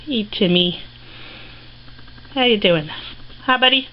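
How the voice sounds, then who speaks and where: A woman's voice: medium pitch, slow pace, lo-fi sound, a little hiss or hum. A woman filming a casual home video, chatting to her puppies and pets in a sing-song voice and laughing often.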